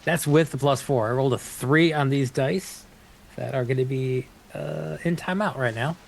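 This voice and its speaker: A man's voice: medium pitch, moderate pace, creaky. A man playing a tabletop game, joking along with the game master. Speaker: player.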